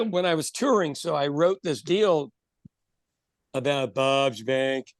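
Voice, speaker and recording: High-voiced man, dry close sound. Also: no room sound. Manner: storytelling comedian, profane, quick asides. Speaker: podcast co-host. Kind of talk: casual chat.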